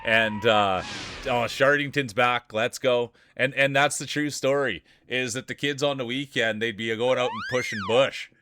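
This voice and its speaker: A man from Canada hosting a live stream, chatty and excitable, laughing often and calling people "dude". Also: mid-range voice, moderate pace, noisy background. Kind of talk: casual live-stream commentary.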